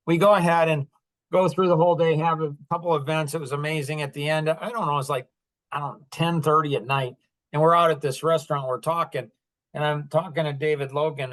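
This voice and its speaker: A man's voice: on the high side, a bit bright. Rambling middle-aged man telling a story. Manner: rambling, conversational, with many restarts and asides; earnest and apologetic. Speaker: podcast host. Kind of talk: casual storytelling monologue.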